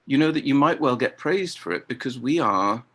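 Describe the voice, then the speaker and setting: A man's voice: mid-range voice, lively intonation, normal speed, a bit bright. A man, a theatre director speaking articulately in an interview. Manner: articulate, acts out voices in quotes. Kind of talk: interview conversation.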